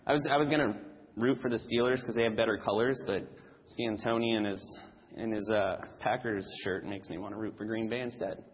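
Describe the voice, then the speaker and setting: Emphatic preacher in an echoing church. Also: male voice, on the low side, fairly even intonation, brisk, muffled recording. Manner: emphatic, repeats phrases for stress. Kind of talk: sermon.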